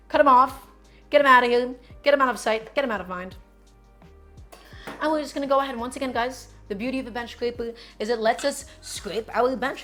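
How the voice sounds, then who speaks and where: A woman hosting a cooking stream, chatting casually and playfully to her viewers as she cooks. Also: medium pitch. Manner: chatty and playful, often says "my friends".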